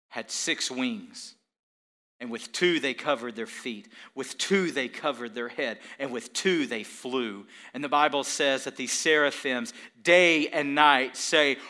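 A middle-aged man preaching a sermon, swinging from hushed questions to shouted climaxes and addressing the congregation with rhetorical questions. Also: mid-range voice.

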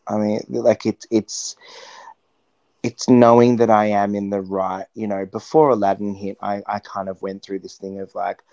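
Earnest low-voiced man, muffled dry audio. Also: flat delivery, moderate pace, gravelly, a little mellow, dry recording. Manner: earnest, searching, many restarts. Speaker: interview guest, stage performer. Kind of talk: reflective conversational interview.

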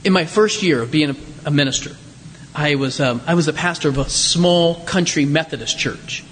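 A man pastor with a northern American accent, preaching a conversational, self-deprecating sermon whose pitch swings up on questions. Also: moderate pace, fairly bright tone, a little hiss or hum. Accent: northern American, Yankee. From northern United States. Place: church sanctuary. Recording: church sanctuary with long reverb.

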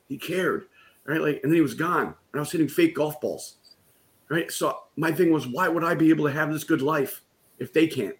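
A middle-aged man in a conversation, telling an emotional personal story in a candid way and often checking in with "right?". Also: fairly high pitch. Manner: candid, keeps saying "right?". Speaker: guest, business coach.

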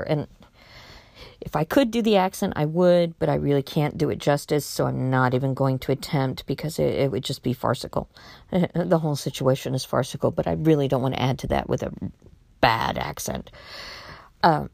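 A woman telling a personal anecdote in a sardonic, wry and animated way. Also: a bass voice, moderate pace, creaky, no echo, studio quality.

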